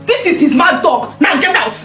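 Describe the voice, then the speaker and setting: A woman acting a shrill, furious wife. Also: lively intonation, moderate pace, sharp tone. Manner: shrill, screaming accusations, later wailing in despair. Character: furious jealous wife, shouting at husband. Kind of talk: comedy skit acting. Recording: roomy audio with background music.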